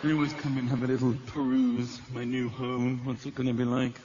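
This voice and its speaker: A man doing stand-up comedy on a theater stage, telling self-mocking stories in an animated way. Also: medium pitch, a little fast. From England. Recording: echoey live theater, dull, noisy.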